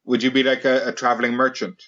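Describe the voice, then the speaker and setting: A man hosting a casual comedy podcast, peppering his friends with quick playful questions. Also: mid-range voice, level tone, fairly bright tone, highs cut off. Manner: playful, quick questions, jumps into silly voices. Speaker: podcast host.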